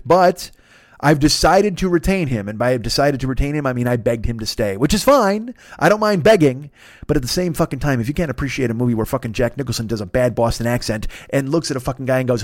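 A man's voice: medium pitch, no echo, studio quality. A man hosting a podcast, doing rambling, profane, joking ad reads in a casual chat style. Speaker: podcast host.

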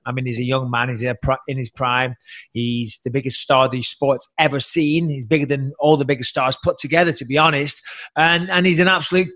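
A man's voice: mid-range voice, fairly even intonation, fairly quick, a bit bright. An English man and former fighter co-hosting a podcast, blunt and jokey with plenty of swearing, talking from home. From England. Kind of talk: casual podcast chat.

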